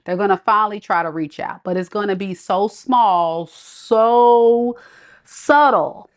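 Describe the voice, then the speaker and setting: A woman's voice: mid-range voice, slow. A woman giving a casual tarot reading, chatty, blunt and sassy with her viewers. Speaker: tarot reader.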